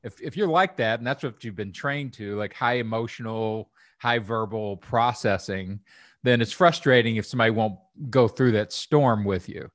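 A man's voice: on the low side, moderate pace, no echo. A man chatting casually with a friend, thoughtful and teasing in turn. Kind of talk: casual chat.

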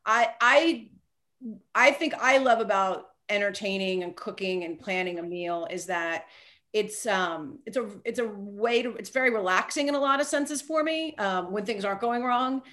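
A woman's voice: medium pitch, moderate pace, a bit bright. A woman author talking casually as a podcast guest, chatty and self-deprecating, with frequent fillers and restarts.

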